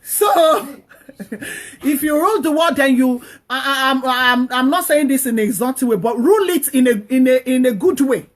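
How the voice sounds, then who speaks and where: At a moderate pace and in a high voice, a woman casually lectures her online audience about marriage. Earnest and repetitive, she keeps returning to her points and voices the things couples should say.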